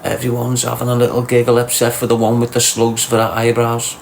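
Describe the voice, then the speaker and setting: Here a middle-aged host with a Liverpool accent jokes crudely with his livestream audience, teasing them in slang as he reads their comments aloud. The delivery is monotone and fairly quick, the mid-range voice creaky, with a little hiss or hum behind it.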